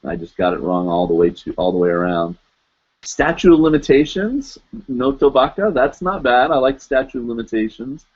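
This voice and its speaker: A man's voice: mid-range voice, brisk, hardly any pauses. A man hosting a casual live chat, rambling and searching for words, full of fillers and restarts. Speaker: podcast host. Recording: dull lo-fi stream audio.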